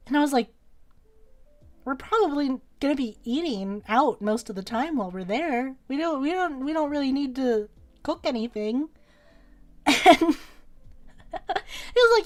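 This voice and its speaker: A woman's voice: sits high, unhurried. Giggly young woman rambling on stream. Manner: rambling and giggly, repeats and restarts words. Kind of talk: casual chat while drawing on stream.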